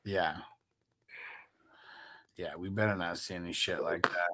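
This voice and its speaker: Man, co-host, bright ringing voice, casual podcast chat, reads viewer comments aloud. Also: low voice, fairly even intonation, unhurried.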